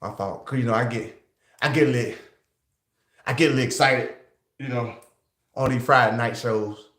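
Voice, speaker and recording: A male livestream host who talks straight to his chat in an excitable, casual way. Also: medium pitch, moderate pace, roomy sound.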